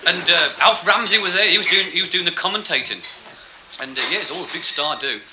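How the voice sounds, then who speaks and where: A man's voice: sits high, fast, heavy background noise. A man telling a rambling, self-mocking stand-up story with laughing asides. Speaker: stand-up comedian.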